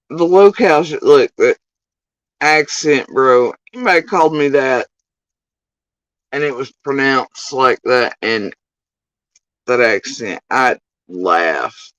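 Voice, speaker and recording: A woman's voice: very deep voice, lively intonation, slow, pauses often, dry recording, rough recording. A woman streamer, ranting and swearing in sarcastic, mocking commentary on clips she plays.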